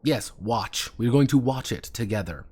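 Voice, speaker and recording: A man's voice: medium pitch, animated, normal speed, a little mellow, breathy edge. A man streaming a video game, commenting sarcastically and swearing as he rambles through the playthrough. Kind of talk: live gameplay commentary.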